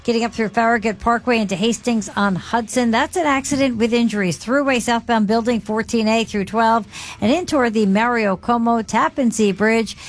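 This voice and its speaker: Female traffic reporter on radio; raised pitch, crisp factual delivery. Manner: brisk, matter-of-fact reading. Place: radio studio.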